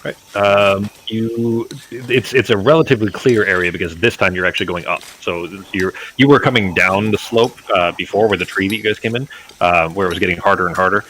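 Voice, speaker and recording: Deep-voiced rambling game master man. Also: a little fast, fairly bright tone, a little hiss or hum. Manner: rambling, many fillers and restarts. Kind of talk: narrating a tabletop game.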